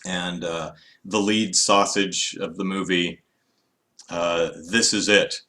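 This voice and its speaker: A man's voice: sits low, fairly even intonation, slow pace, pushed and bright. A man chatting casually on a live stream, rambling and wry with many fillers. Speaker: vlogger.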